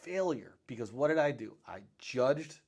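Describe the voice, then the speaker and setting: Middle-aged man, school principal guest; animated storyteller who voices the quotes himself. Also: mid-range voice, moderate pace. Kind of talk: casual storytelling conversation.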